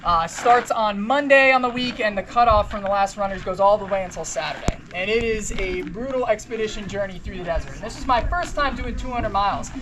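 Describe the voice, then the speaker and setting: A woman's voice: mid-range voice, brisk, hardly any pauses, a crowd in the background. A young woman giving a motivational talk to runners at a race event, telling a story and acting out the dialogue with casual slang. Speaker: motivational speaker at a race briefing. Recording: noisy outdoor ambience.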